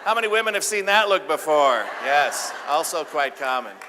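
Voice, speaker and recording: A man giving a live keynote talk, playful and joking, getting the audience to shout out answers. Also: a little high, animated, normal speed, noisy background. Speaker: keynote speaker. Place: large event hall with audience. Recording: live hall with reverb.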